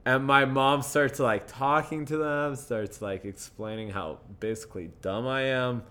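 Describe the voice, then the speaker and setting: Speaking in a medium-range voice at a slightly slow clip, a young podcast guest chats casually and spins stories. He plays out people's lines in character and laughs a lot.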